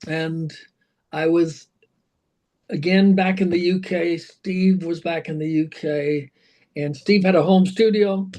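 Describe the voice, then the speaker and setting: An older man, a rock singer being interviewed, telling animated stories, acting out quotes, swearing and laughing. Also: a little high, slow pace, muffled recording. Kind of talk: storytelling interview.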